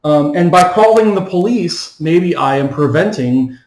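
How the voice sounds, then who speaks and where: A man's voice: fairly high pitch, lively intonation, unhurried, a little mellow, roomy sound, low-quality recording. A man lecturing on philosophy, hesitant, with many ums and restarts as he walks through an argument. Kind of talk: recorded lecture.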